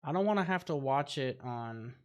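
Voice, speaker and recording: A man's voice: medium pitch, lively intonation, normal speed, dull audio. A man hosting a casual livestream chat, rambling as he reacts aloud to clips. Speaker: host.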